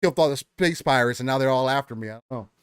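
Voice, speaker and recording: A man's voice: mid-range voice, racing, clear, resonant tone, no echo, clean studio sound. A man co-hosting a casual gaming podcast, talking loosely and hyped, with casual swearing. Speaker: podcast co-host.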